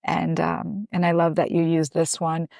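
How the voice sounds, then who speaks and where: A woman guest who teaches somatic healing, speaking gently and affirmingly with many casual fillers. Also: deep voice, monotone, moderate pace, vocal fry, dry recording, studio quality. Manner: gentle, affirming, lots of "like" and "you know". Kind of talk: interview conversation.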